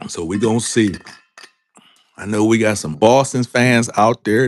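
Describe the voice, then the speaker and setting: A man hosting a live sports talk stream, calling out to his viewers and repeating himself in a drawn-out way. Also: on the low side, no room sound. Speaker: sports talk show host. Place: home studio with a green background.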